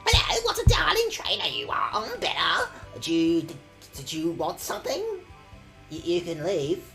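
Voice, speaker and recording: A man's voice: fairly high pitch, huge pitch swings, normal speed, creaky, over music, full character voice. A man voicing a genteel elderly woman, a trainer's chatty wife, with a sweet, mannered lilt and snippy asides. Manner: sweet, mannered old-lady reading with snippy ad-libs.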